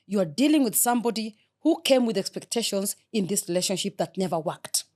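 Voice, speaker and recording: A woman's voice: medium pitch, lively intonation, brisk. A middle-aged woman, talking earnestly and with feeling as an interview guest. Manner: earnest, heartfelt, soft-spoken. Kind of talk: emotional interview talk.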